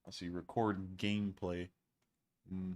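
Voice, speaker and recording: A man's voice: deep voice, level tone, a little slow, a little mellow. A young man in his twenties hosting a livestream, chatty and jokey, laughing often as he reads through viewer messages. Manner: jokey, laughs often, repeats "oh, man, I'm telling you". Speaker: host. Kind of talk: livestream casual chat.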